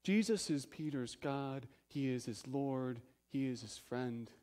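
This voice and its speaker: A man preaching a sermon as pastor, emphatic, asking the congregation rhetorical questions and swinging between loud stresses and hushed low phrases. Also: slow pace.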